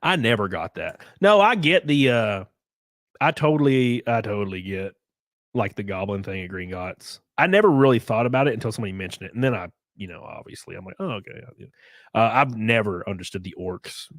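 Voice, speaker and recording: A man's voice: on the low side, expressive, fairly quick, dry recording. A man with a Southern US accent chatting casually on a live stream, reading chat aloud, swearing freely and laughing often.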